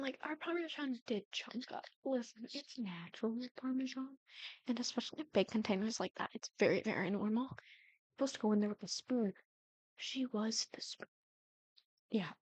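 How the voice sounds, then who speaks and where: A woman's voice: on the high side, dry recording, lo-fi sound. A young woman in her twenties telling family stories in a casual chat, often dropping into a whisper. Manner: chatty, often drops to a whisper. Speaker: Sims builder and storyteller. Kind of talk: casual storytelling over gameplay.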